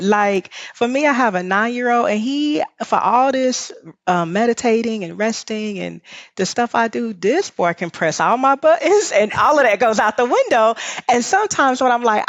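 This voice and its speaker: A woman's voice: medium pitch, animated, moderate pace, no echo, highs cut off. A woman with a Southern US drawl, a rest teacher and podcast guest, talking in a reflective, guiding way and laughing often. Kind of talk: podcast conversation.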